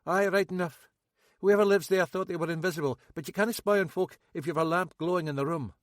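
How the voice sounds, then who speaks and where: A man voicing an odd, blunt Scottish man with a sharp memory, talking raised and insistent as he rattles off details. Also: high voice, fairly quick, no echo, studio quality, voice pushed up, close to an everyday voice.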